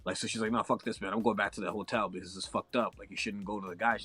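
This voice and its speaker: A man's voice: lowish voice, steady tone, rapid-fire, sharp tone, breathy edge, faint music behind. A young Canadian man telling a long story in a casual chat, profane and full of slang.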